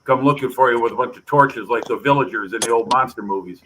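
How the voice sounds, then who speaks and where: Man, bright clear tone, wry teasing, casual video call. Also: mid-range voice, quick pace, slight background noise, poor audio. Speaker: co-host of a modelling video chat. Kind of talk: casual group video chat.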